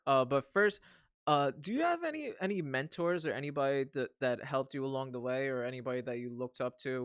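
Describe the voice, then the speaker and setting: A man's voice: mid-range voice, a bit bright, clean tone, no echo, studio quality. A man hosting a casual podcast interview, asking long questions that he keeps rephrasing. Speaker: podcast host.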